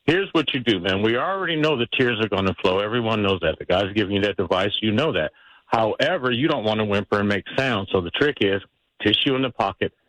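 A man's voice: lowish voice, animated, fast, a bit bright, no echo, low-quality recording. A man calling in to a radio show, giving folksy, confiding advice. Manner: folksy, confiding, acts out examples. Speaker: caller. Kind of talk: call-in advice.

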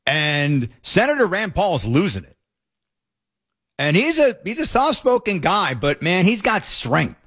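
A man hosting casual political commentary, emphatic and excited as he reacts to clips. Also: high voice, measured pace. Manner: emphatic, excited, fond remarks.

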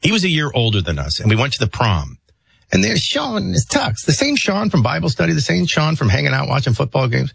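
A man's voice: fairly high pitch, a little fast, creaky, slightly rough, no room sound. A man hosting a morning radio show, joking through stories and then reading the news headlines. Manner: joking, storytelling, animated. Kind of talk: casual chat and news reading.

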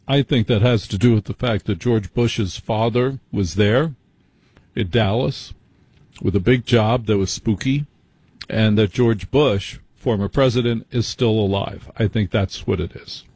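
A man's voice: lowish voice, measured pace, darkish tone, husky, dry recording. An American man telling stories in a conversational, conspiratorial way, often restarting his sentences. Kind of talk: casual conversation.

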